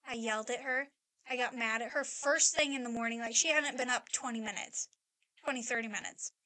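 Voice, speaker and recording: Brisk and sharp-toned, a slightly high-voiced woman in her thirties, a mother and podcast co-host, rambles through a personal story in casual chat, leaning heavily on the word "like."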